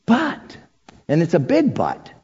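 A man's voice: a little high, huge pitch swings, slow pace, a little mellow. A man preaching a sermon, telling stories about his past with self-deprecating humor. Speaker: pastor. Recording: dull sound with long reverb.

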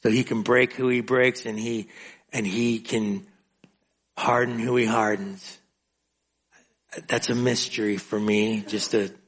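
A male preacher giving a sermon in an emotional, confessional way, often breaking into drawn-out spoken prayer. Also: lowish voice. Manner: emotional and confessional, praying aloud in drawn-out phrases.

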